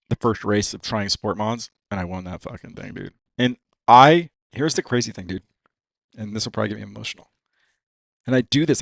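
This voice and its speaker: A man's voice: on the low side, gravelly, no echo. A man talking as a guest on a podcast, casual and profane, saying "dude" all the time. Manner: profane, says "dude" constantly. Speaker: racing driver guest. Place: podcast studio.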